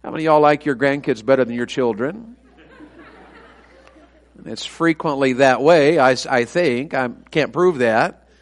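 A man's voice: mid-range voice, measured pace, pauses often, some chatter behind. A middle-aged man, an evangelist preaching a sermon full of folksy, self-deprecating family stories.

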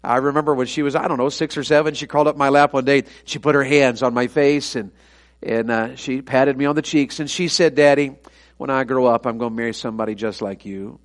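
A man's voice: medium pitch, steady tone, a little fast. A middle-aged man, an evangelist preaching a sermon full of folksy, self-deprecating family stories.

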